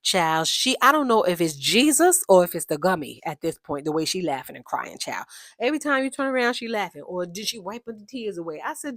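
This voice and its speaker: Chatty low-voiced woman recapping TV. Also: fairly quick, no room sound, clean studio sound. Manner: chatty, opinionated, animated asides. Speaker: reality TV recap host. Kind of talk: casual recap commentary.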